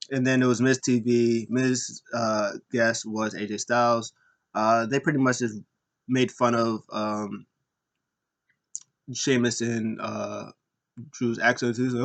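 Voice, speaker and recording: A young man hosting a wrestling podcast, giving a casual, rambling recap and jumping into squeaky impressions now and then. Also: fairly even intonation, unhurried. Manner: rambling, jokey, mimics wrestlers in high squeaky voices.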